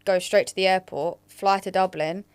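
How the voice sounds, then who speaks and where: A woman's voice: mid-range voice, steady tone, moderate pace, clear, resonant tone. A young woman from England co-hosting a podcast, telling rambling stories in a casual chat. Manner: chatty, rambling storyteller. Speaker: podcast co-host.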